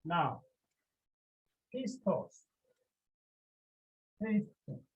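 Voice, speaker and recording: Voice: medium pitch, sing-song, drawn-out words, husky, highs cut off. A Greek teacher from Cameroon, lecturing a class, repeating key words and asking the students rhetorical questions.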